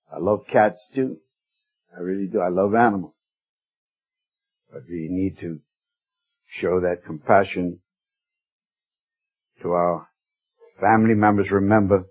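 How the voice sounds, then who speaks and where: A man preaching a sermon, telling stories in a folksy way, pushing up for emphasis and dropping soft for quoted words. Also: deep voice, breathy edge, highs cut off. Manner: folksy storytelling with rising emphasis and hushed quoted lines.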